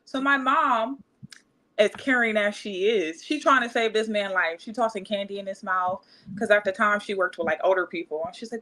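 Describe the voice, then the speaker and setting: Young woman from Cleveland, bright tone, casual and animated storyteller. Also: mid-range voice, normal speed, low-quality recording. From Cleveland, Ohio. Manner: animated, acts out quotes, laughs often. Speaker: podcast guest.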